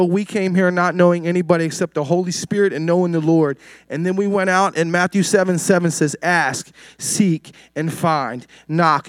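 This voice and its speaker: A man's voice: high-pitched, dry recording. A man from Maryland giving an earnest, preacherly testimony at a church service and quoting scripture. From Maryland, USA.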